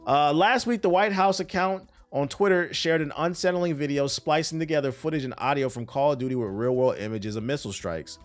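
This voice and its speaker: A man's voice: fairly high pitch, fairly quick, few pauses, soft background music. Profane, loose-talking male streamer. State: tired voice. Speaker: streamer and news commentator. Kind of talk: casual live-stream commentary.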